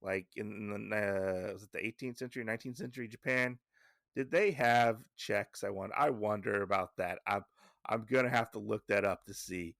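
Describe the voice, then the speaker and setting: A man's voice: fairly low pitch, normal speed, creaky, a bit bright, no echo, clean studio sound. Rambling man recapping a comic. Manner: rambling, filler-heavy, digressive. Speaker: podcast host. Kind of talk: casual comic book recap.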